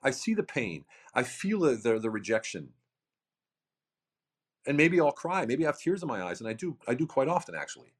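Husky, lively motivational man. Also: medium pitch, moderate pace. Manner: emphatic, repetitive, rhetorical questions. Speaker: founder of a coaching program, podcast guest. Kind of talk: motivational podcast talk.

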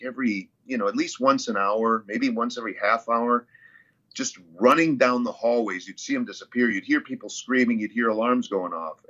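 A man's voice: medium pitch, sharp tone. A man recounting a hospital stay in a casual, rambling way, with many fillers and restarts. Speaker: interview guest, CrossFit athlete. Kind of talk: casual storytelling. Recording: muffled lo-fi audio.

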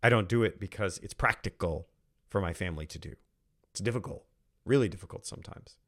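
A man's voice: deep voice, fairly quick, fairly bright tone. A man, a former airman turned trainer, telling a personal story in an earnest, emphatic way, repeating phrases for weight. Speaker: podcast host and trainer.

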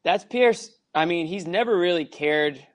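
A man co-hosting a casual sports podcast, giving measured, opinionated takes. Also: high voice, lively intonation. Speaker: podcast co-host.

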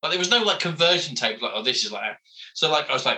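A man, a comic book writer telling animated, self-mocking stories as an interview guest, full of fillers. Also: fairly high pitch, quick pace, poor audio. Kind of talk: casual interview storytelling.

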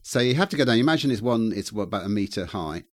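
A man's voice: fairly low pitch, animated, fast talker, no room sound. A man in casual chat, telling rambling, self-deprecating stories.

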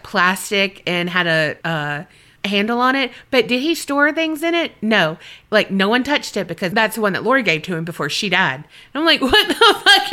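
A woman's voice: mid-range voice, pushed and bright. A woman co-hosting a podcast, chatting candidly and reading out listener stories, swearing freely and laughing often. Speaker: podcast co-host.

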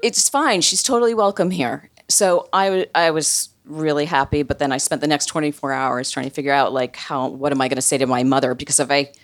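A woman's voice: rumbling low, steady tone, brisk, hardly any pauses. A woman telling a funny personal story in a chatty way, full of "like" fillers. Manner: chatty, comic, many "like" fillers.

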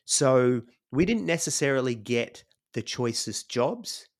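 A man's voice: medium pitch, expressive, slow, vocal fry. A middle-aged Australian man, a podcast guest, telling his life story in a reflective, rambling way, with frequent "you know"s. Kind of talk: conversational storytelling.

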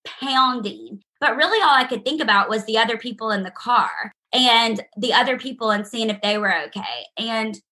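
Bright-voiced woman sharing a testimony. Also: on the high side, moderate pace, few pauses. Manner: earnest, heartfelt storytelling, addresses the audience directly. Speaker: speaker sharing her testimony. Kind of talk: personal testimony to an audience.

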